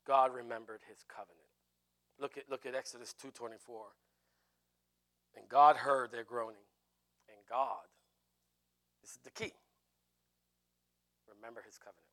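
A man preaching a sermon in an animated way, with jokey asides. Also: mid-range voice, normal speed, long pauses.

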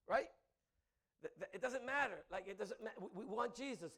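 A male pastor delivers a sermon with lively energy. His fairly high voice climbs into loud, emphatic peaks, then sinks into soft, reflective asides, with frequent laughter. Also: moderate pace.

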